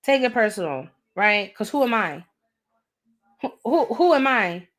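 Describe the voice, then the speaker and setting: A woman's voice: fairly high pitch, animated, a little slow, a bit bright. A woman giving a live tarot reading, blunt and direct, scolding her viewer in slangy talk and repeating herself for emphasis. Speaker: tarot reader.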